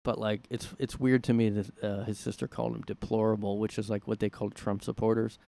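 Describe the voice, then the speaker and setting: A man's voice: lowish voice, flat delivery, a little fast, vocal fry, dark tone, no room sound. A man hosting a casual solo podcast from his room, talking in a sarcastic, rambling way. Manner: sarcastic, rambling, mocks with put-on voices. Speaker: podcast host. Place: room at home.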